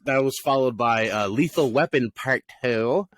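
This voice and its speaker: A man co-hosting a casual movie review podcast, rambling and animated, often laughing and acting out lines. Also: medium pitch, moderate pace, no room sound. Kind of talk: casual chat.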